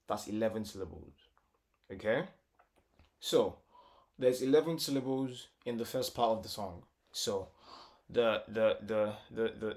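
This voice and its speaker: A man's voice: lowish voice, normal speed, a little mellow. A man teaching a casual music tutorial, explaining step by step with lots of repetition and filler words, sometimes singing short phrases. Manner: breaks into short sung phrases.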